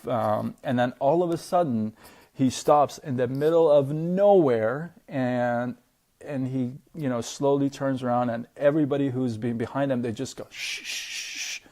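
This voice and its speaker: A man's voice: medium pitch, a little mellow. A man telling a personal story to camera in a loose, chatty way, full of fillers and tag questions. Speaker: vlogger.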